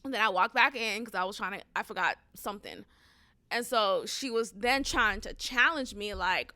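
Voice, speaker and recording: A woman hosting a podcast, telling a story in a casual, animated and profane rant. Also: on the high side, a little fast, dry recording, studio quality. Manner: animated, profane, emphatic ranting. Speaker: podcast host.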